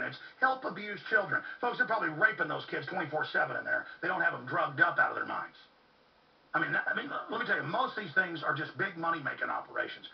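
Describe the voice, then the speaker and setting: A man with a rather high, gravelly voice rants fervently as a talk radio host, hammering his points with urgent repetition. He sounds set back from the microphone, and the recording comes across muffled and lo-fi. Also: far from the mic. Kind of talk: impassioned monologue.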